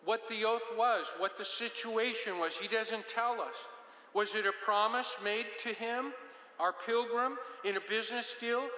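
High, bright-voiced man teaching scripture. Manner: conversational, joking asides. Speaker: Bible teacher. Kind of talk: verse-by-verse Bible teaching. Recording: roomy with long reverb.

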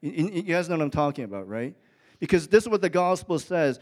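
A man's voice: a little high, big pitch swings, quick pace, darkish tone. Man preaching a storytelling sermon. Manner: storytelling, rising to emphatic peaks. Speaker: pastor. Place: church with an audience.

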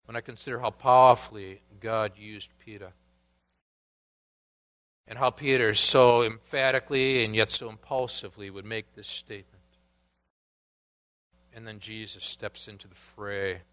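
A man preaching a sermon as pastor, reading scripture quotes aloud and moving between emphatic rises and quiet asides. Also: lowish voice, steady tone, measured pace, long pauses, clear, resonant tone.

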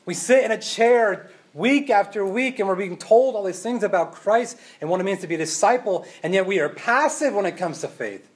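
Man, high voice, conversational sermon, rhetorical questions, loud then hushed. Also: normal speed, hardly any pauses, slightly rough. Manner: casual, rhetorical questions, tag "right?"; swings between loud emphasis and quiet asides. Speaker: preacher.

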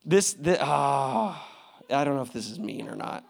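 A young adult man preaching a sermon as pastor, in a casual, slangy way, often laughing and swinging from quiet asides to loud outbursts. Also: mid-range voice, lively intonation, a little slow, vocal fry.

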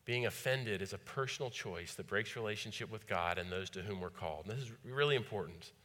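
Guy preaching a sermon, bright sharp voice, lots of repeated lines and questions to the crowd, long reverb like a big church. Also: lowish voice, brisk. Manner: repetitive, rhetorical questions to the congregation. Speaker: pastor.

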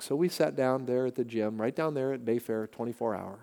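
A middle-aged male pastor preaches in an earnest, conversational way, slipping easily into personal stories. His voice is mellow and rounded. The sound carries the long reverb of a church sanctuary. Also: mid-range voice, a little fast, creaky. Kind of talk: sermon.

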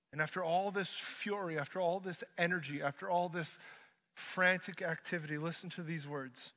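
A man preaching a sermon, swinging from hushed lines to loud ones and mixing in joking asides. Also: high voice. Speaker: pastor. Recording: dull lo-fi sermon recording.

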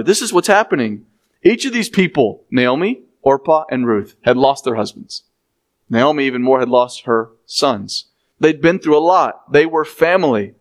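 A man, preaching a sermon as he reads scripture aloud and explains it, with conversational asides to the congregation. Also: on the high side.

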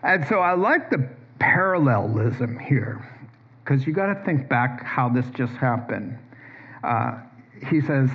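A man's voice: mid-range voice, very animated, unhurried. A man preaching a sermon as pastor, emphatic and full of rhetorical questions. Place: church. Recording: dull lo-fi sermon recording.

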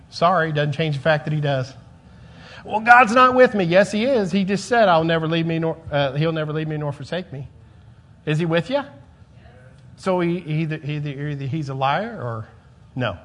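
A male pastor preaching a sermon, emphatic, repeating phrases and swinging between loud and soft. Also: a little high.

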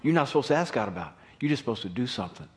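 A man preaching a sermon in an animated way, acting out the Bible story. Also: mid-range voice, rapid-fire. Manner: animated, acts out Bible scenes.

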